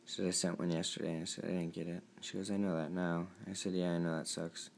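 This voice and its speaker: A young man with a deep, heavily gravelly voice reads his text messages aloud. He sounds earnest and pleading, and keeps his voice quiet and downcast. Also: little pitch movement, quick pace, slight background noise. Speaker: vlogger.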